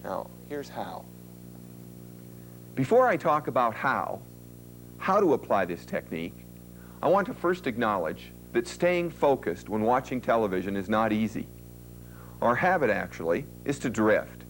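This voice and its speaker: A man's voice: medium pitch, very animated, a little slow, long pauses, slight background noise, rough recording. A man giving an instructional talk to an audience, conversational and emphatic, often asking questions. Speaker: lecturer.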